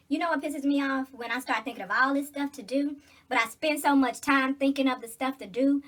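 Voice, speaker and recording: A woman talks straight to her viewers in a loose, rambling vlog, joking as she goes. Her voice is bright and a little husky, pitched slightly high. She speaks with plenty of casual slang. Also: a little fast. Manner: chatty, loose and joking, with slangy informal speech. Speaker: vlogger.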